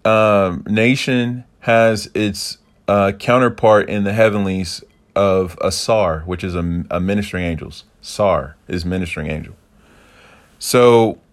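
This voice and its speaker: A man giving a casual, enthusiastic Torah teaching, rambling with playful asides and restarts. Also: lowish voice.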